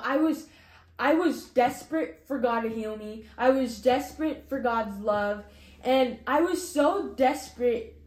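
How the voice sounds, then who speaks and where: A woman's voice: on the high side, darkish tone. A young woman sharing a personal faith testimony, earnest and casual, full of "like" and "you know.". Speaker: testimony speaker. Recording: echoey room.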